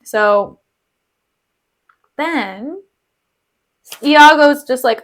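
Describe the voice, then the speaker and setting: Chatty high-voiced woman streamer. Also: unhurried, fairly bright tone. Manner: chatty, playful, paraphrasing with slang. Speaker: streamer reading a play. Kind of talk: casual chat and read-aloud.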